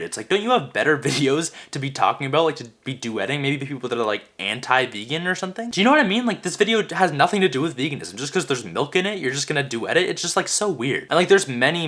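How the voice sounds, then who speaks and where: Young dude ranting, sarcastic and fed up, cusses a lot, very lively voice. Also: male voice, medium pitch. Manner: exasperated, sarcastic, swears a lot. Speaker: commentary YouTuber. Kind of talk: reaction commentary.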